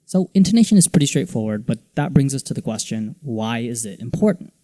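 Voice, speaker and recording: Man with lively pitch explaining intonation. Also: brisk, dry recording. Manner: clear, demonstrative delivery, acting out example phrases with varied intonation. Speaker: English teaching video host. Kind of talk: scripted explanatory narration.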